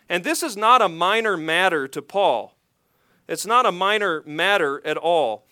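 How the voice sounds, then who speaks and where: A man's voice: high-pitched, bright, forceful tone, clean tone, no room sound, studio quality. A man preaching a sermon as pastor, earnest and emphatic, reading scripture and then explaining it to his congregation.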